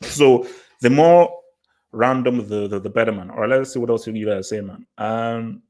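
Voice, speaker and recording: A man chatting casually on his own livestream at a middle, ordinary pitch. He rambles and repeats himself, and his voice leaps sharply upward whenever he drives home a point. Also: normal speed. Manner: animated and rambling, repeats words, jumps in pitch for emphasis. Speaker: livestream host.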